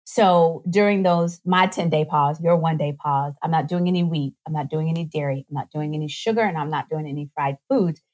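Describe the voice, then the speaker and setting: A woman guest on a podcast, explaining nutrition in a casual, animated way and acting out little voices as she goes. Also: low-pitched. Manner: animated, acts out voices in quick asides.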